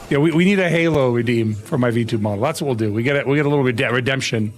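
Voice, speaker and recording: Rapid-fire, with hardly any pauses, a young man's mid-range voice fills his live game stream. He chats casually and laughs a lot while playfully insisting, with mock indignation, that he's innocent.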